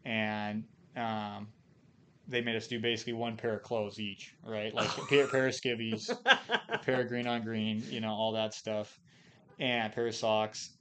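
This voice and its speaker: A man's voice: fairly low pitch, little pitch movement, normal speed, fairly bright tone. A man from Idaho, a podcast guest and former Marine, telling casual stories in a profane, rambling way full of fillers and restarts. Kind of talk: casual storytelling.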